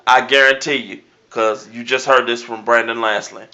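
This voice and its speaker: A man's voice: mid-range voice, steady tone, moderate pace, pushed and bright. A man hosting his own sports commentary vlog, making brash, emphatic predictions and repeating his catchphrases. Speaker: sports show host. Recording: dull lo-fi recording.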